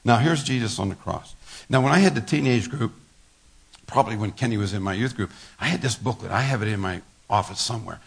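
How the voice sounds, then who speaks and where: A man's voice: fairly low pitch, quick pace, vocal fry, slightly rough. An older man, a pastor, giving a folksy sermon full of stories, laughter and repeated words. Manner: folksy storytelling with laughter and repetitions.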